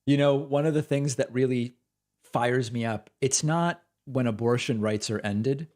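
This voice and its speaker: A man hosts a political commentary show, reacting to clips with dry sarcasm. His voice sits at an ordinary middle pitch and his delivery is casual and mocking. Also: measured pace, a little mellow. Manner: sardonic, mocking.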